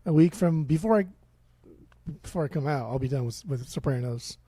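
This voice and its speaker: A man's voice: fairly high pitch, brisk, warm tone, husky. A man co-hosting a casual podcast, talking bluntly and swearing freely as he chats. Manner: blunt, profane, laughs along. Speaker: podcast co-host. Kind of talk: casual chat.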